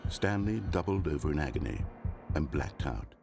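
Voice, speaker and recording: A man's voice: extremely low pitch, sing-song, normal speed, gravelly, a little mellow, exaggerated voice. An actor voicing a wry, meddling male narrator in a video game, telling the story in a dry, mock-grave manner. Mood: dry storytelling. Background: game music.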